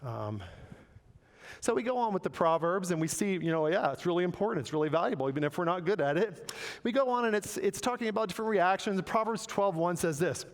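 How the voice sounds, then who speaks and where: A man preaching a sermon, animated and playful, acting out quoted voices with joking asides. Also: high voice, a little fast, long reverb tail. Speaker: pastor. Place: church sanctuary.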